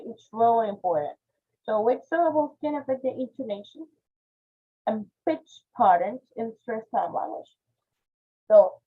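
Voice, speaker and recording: A woman with a Spanish accent, a native Spanish speaker, teaching English phonetics in an online class, checking in with frequent "okay?" questions. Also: fairly high pitch. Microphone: video call. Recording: tinny video-call audio.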